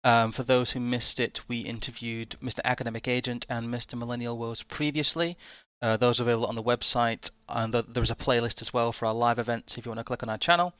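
Chatty guy hosting, bright crisp voice, kinda rambly, dry muffled audio. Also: mid-range voice, level tone, fast talker, no echo. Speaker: host. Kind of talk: casual interview hosting.

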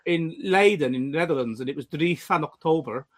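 A man's voice: on the high side, brisk. A man co-hosting a casual chat, rambling through anecdotes that keep trailing off.

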